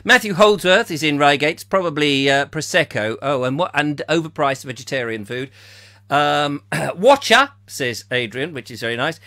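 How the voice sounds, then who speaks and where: Animated jokey English man host. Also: sits high. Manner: rambling, jokey, reads out viewer comments. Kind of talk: comic ranty live chat.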